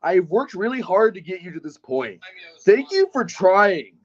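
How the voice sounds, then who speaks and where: A man's voice: high voice, big pitch swings, measured pace, dull audio. A man taunting and goading a rival in a heated online voice chat, in a mocking tone. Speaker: streamer calling in to a rival's stream. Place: online voice call.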